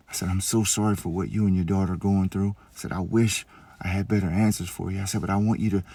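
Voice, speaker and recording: A police officer speaking in a heartfelt storytelling monologue, earnest and encouraging. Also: male voice, lowish voice, a little mellow, no room sound.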